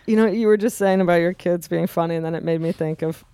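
A woman co-hosting a podcast, telling animated, funny anecdotes in casual chat. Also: fairly low pitch, fast, clean tone, no echo. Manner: animated anecdote-teller, quoting a child. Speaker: podcast co-host.

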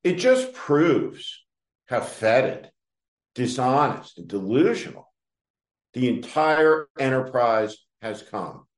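A man talking slowly and deliberately in a higher-than-usual, lively voice, biting down hard on each word with open scorn. He is a political commentator launching a direct-address rant. The sound carries a roomy echo. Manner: scornful, emphatic, addresses his target directly.

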